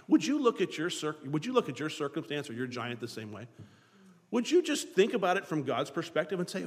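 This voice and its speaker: A man preaching a sermon, lively, acting out the voices of biblical figures to his congregation. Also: on the high side, fairly quick, long reverb tail. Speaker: pastor.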